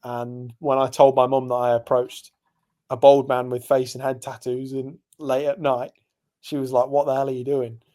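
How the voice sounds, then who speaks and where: A man's voice: mid-range voice, level tone, normal speed, warm tone. A young man from England rambling through a night-out story on a podcast. His voice sits in a middle register, and he talks loosely, full of fillers and asides. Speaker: podcast co-host. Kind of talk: casual chat.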